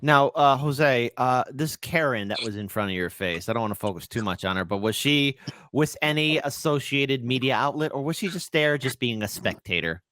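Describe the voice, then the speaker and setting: A man hosting a livestream political talk show, interviewing guests and launching into loud, ranting outbursts. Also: mid-range voice, animated, normal speed, no room sound, studio quality. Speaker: host.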